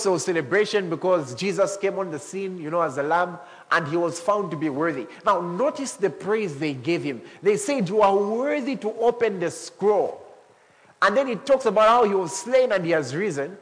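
A man preaching a sermon as pastor, animated, swinging up to shouts and laughing with the congregation. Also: high voice, normal speed. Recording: long hall reverb.

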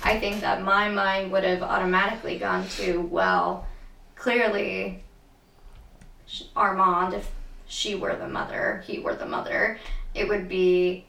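A woman co-hosting a casual film chat podcast, animated and gushing. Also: mid-range voice, moderate pace, creaky. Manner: animated, gushing, acts out quotes. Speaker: podcast co-host. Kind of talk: casual chat about films. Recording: roomy, somewhat distant mic.

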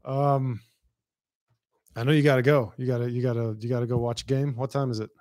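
A man's voice: medium pitch, steady tone, a little mellow, no room sound. Casual male podcast host, dry sound. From Lebanon. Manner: loose, joking, quick to laugh. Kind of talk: casual chat.

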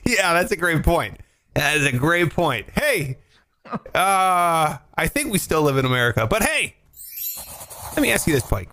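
A man hosting a podcast with a slightly high voice that leaps up and down wildly. He rambles, swears freely and jokes around in loose conversation. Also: big pitch swings, unhurried, sharp tone. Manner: profane, rambling, jokey, big pitch jumps. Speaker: podcast host. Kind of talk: casual podcast banter.

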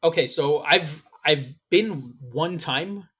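Animated, profane storytelling man. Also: on the high side, takes it slowly, husky. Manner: animated, profane, acts out quoted lines. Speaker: podcast host. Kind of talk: casual storytelling chat.

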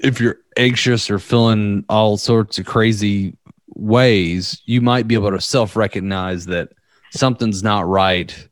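A man's voice: fairly low pitch, fairly even intonation, unhurried, no echo. A young man chatting casually, rambling through a story, often laughing and acting out the quotes. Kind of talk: casual podcast chat.

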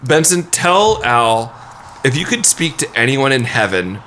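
A man hosts a casual podcast, his voice bright and edged, leaping up and down in pitch as he chatters and laughs. A faint hum of ambience sits behind him. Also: measured pace. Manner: giggly, animated, breaks into laughter often. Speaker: podcast host.

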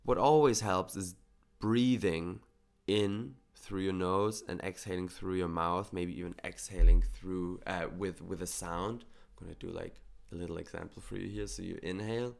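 Low gravelly man, calm coaching talk. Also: moderate pace. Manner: calm, earnest, coaching tone with casual swearing. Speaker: podcast host. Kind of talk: reflective solo podcast talk.

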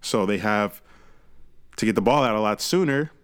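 A man co-hosting a podcast, chatting casually about basketball, animated and swearing freely. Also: fairly low pitch, moderate pace, clean tone, no room sound. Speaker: podcast co-host. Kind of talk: casual sports chat.

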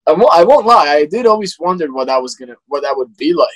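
Earnest young man with halting speech. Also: fairly high pitch, animated, a bit bright, no echo, poor audio. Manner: earnest, halting, many restarts and "you know". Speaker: guest, actor. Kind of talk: casual interview chat.

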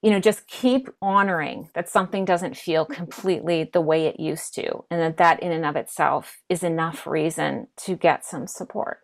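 A woman speaking as a therapist guest, giving gentle advice and often repeating words as she thinks. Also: deep voice, normal speed, creaky, hardly any pauses. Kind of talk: casual advice talk.

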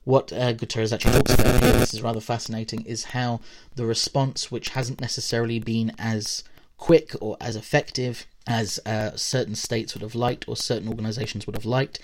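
A man's voice: level tone, a little fast. Man reading an academic essay aloud. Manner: reads aloud with quotes and brief casual asides; rises in pitch and volume at new points, then trails off. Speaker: podcast host. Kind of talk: reading a prepared essay on politics.

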